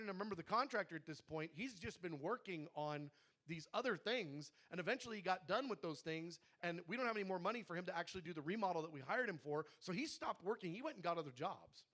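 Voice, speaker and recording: High, bright-voiced man telling a testimony. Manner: animated storytelling, acting out quoted dialogue. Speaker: prayer room leader. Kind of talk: personal testimony to a congregation.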